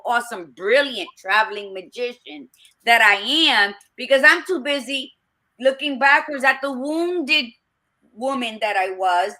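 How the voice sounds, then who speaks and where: Bright, blunt, emphatic woman host. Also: a little high. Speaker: podcast co-host. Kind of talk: casual chat.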